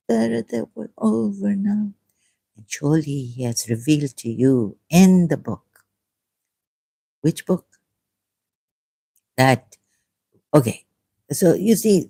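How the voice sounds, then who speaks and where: A woman, hosting a livestream and talking off the cuff in a rambling, animated way, often breaking into laughter. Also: lowish voice, vocal fry, slightly rough. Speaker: livestream host. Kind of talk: unscripted livestream monologue.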